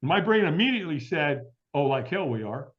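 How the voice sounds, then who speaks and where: A man's voice: on the high side, sing-song, fairly quick. A middle-aged man telling a long story as an interview guest, acting out the voices of the people in it. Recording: dull lo-fi audio.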